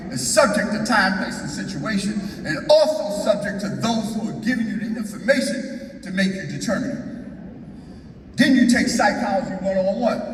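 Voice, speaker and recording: A man giving an emphatic, folksy storytelling speech to an audience. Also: sits high. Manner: folksy, emphatic, asks "Okay?". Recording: echoey hall, speaker far from mic, faint noise.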